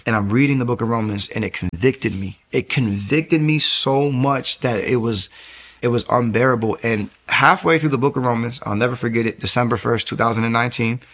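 Gravelly young man telling his story. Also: mid-range voice. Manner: animated, acts out quoted voices. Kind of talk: personal testimony, casual storytelling.

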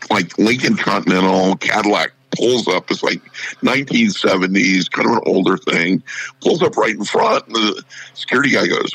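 Gravelly low-voiced man telling a story. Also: normal speed, no echo, rough recording. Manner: animated anecdote teller who acts out quoted voices. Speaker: radio show personality. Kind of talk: casual storytelling.

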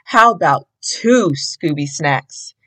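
A woman's voice: low-pitched, lively intonation, slow pace, pushed and bright, pitched below the performer's own voice, full character voice, rough recording. A woman doing a clever, knowing girl sleuth.

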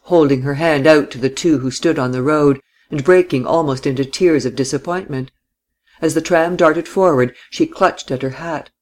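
Man narrating a novel, measured. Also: medium pitch. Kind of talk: scripted audiobook narration.

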